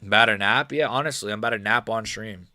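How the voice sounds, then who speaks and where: A man's voice: on the low side, quick pace, pushed and bright, dry recording, studio quality. A young man doing casual live commentary on a fight stream, with slangy, rambling speech and blunt, mocking opinions. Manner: slangy, rambling, frequent "bro" and "like".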